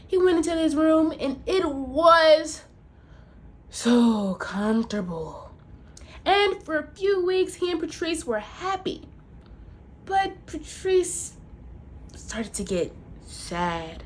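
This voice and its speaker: A woman telling a folk tale at a storytelling festival, animated with playful asides. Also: a little high, takes it slowly. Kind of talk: live storytelling.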